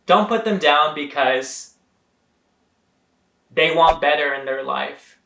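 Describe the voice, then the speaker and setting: A man's voice: fairly high pitch, slow, gravelly, reverberant, noisy background. A young man giving an earnest, motivational vlog monologue, talking straight to his viewers and calling them guys. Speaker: vlogger.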